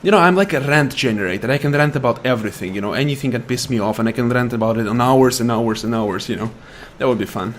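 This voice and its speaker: Man, gameplay commentary, sarcastic rants, mid pitch, faint background hum. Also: quick pace, hardly any pauses. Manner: ranting, sarcastic, taunts enemies. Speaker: gaming YouTuber.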